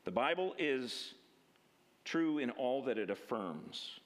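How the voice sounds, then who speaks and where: A man giving a casual, animated Bible lesson, often checking in with tag questions and restarting his sentences. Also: medium pitch, slow. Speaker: Bible teacher. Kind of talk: conversational Bible teaching.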